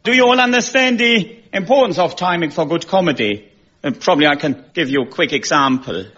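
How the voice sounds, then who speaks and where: A man doing deadpan, self-mocking comedy on a panel show. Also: a little high, a little fast, highs cut off. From Germany. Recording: radio recording with loud audience laughter.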